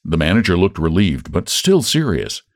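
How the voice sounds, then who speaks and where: A man reading a short story aloud as host of a literature podcast, with an expressive storytelling delivery. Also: low-pitched, normal speed, dry recording, studio quality. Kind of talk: audiobook-style story narration.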